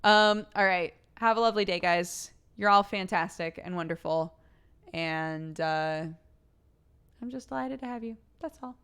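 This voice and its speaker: A woman's voice: mid-range voice, a little slow, a bit bright, clear, resonant tone. A woman streamer with a sore throat, chatting casually with her audience, giggly and swearing freely.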